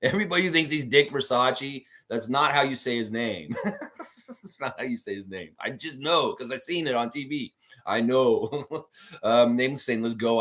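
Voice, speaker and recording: A man's voice: mid-range voice, fairly bright tone. A middle-aged American man hosting a casual trivia livestream, reading chat comments aloud and laughing often. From United States.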